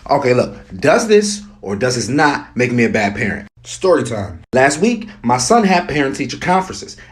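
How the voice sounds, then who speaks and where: A man's voice: mid-range voice, big pitch swings, moderate pace. A man telling a casual, chatty story to camera as a parent.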